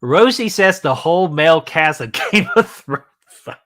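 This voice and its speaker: A man's voice: fairly high pitch, expressive, measured pace, fairly bright tone. A man hosting a live stream, chatting casually and joking as he reads out comments, with frequent swearing and fillers. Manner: loose, joking, swears freely, many fillers. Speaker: livestream host.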